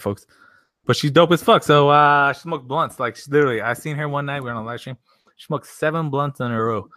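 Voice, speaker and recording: A young man hosting a casual livestream who rambles, swears freely and jokes with his viewers. His voice is bright and forward, recorded close and dry. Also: medium pitch, a little fast, no room sound. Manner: profane, rambling and joking. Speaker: livestream host.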